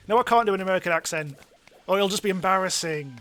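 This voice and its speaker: Excitable man streaming a game. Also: high voice, quick pace. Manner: chatty, self-mocking, bursts into excited yelps. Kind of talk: live let's-play commentary.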